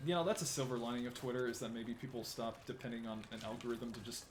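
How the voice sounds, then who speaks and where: A young man in casual chat on a stream, swearing freely and ranting with animated bursts. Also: mid-range voice, background noise. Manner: fast, profane and animated, rants loudly. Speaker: streamer and voice actor.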